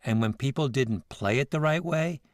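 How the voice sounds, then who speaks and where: A man hosting a podcast, telling a story in scripted narration with a measured, reflective manner. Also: medium pitch, dry recording, studio quality. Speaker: podcast host.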